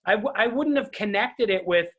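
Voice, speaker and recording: A man's voice: sits high, lively intonation, moderate pace, a bit bright. A man speaking as a guest in a casual conversation over a video call, earnest and often checking in with "right?".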